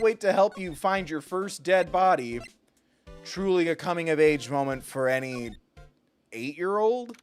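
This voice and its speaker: A man's voice: a little high, lively intonation, measured pace, smooth, faint music behind. A man giving live gameplay commentary as a streamer, with joking, sarcastic asides. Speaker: gaming streamer.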